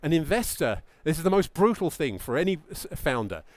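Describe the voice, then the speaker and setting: A middle-aged man giving a presentation to founders as a pitch coach, emphatic and lively, sometimes acting out what a founder might say. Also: a little fast, dry recording. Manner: animated, emphatic, acts out mock founder quotes.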